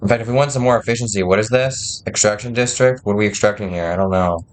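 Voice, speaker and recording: A man giving casual gameplay commentary, chatty, thinking aloud with quick asides. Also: fairly low pitch. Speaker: gamer.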